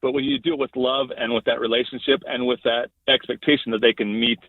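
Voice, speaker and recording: A man's voice: mid-range voice, steady tone, fast, no echo. A middle-aged man, a school principal, telling a story in a casual podcast interview, earnest and often restarting his phrases. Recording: thin phone-like line.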